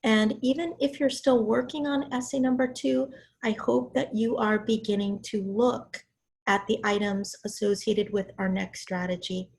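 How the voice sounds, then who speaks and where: Woman, hoarse, raspy, gravelly fry, college writing lecture over a computer mic. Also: mid-range voice, fairly even intonation, moderate pace, a little mellow. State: hoarse from illness. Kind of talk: online class lecture. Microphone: computer mic on a video call.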